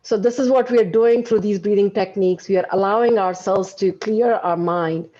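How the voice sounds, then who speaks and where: A woman's voice: medium pitch, moderate pace, mellow. Woman guest on a dull lo-fi line. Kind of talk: podcast interview.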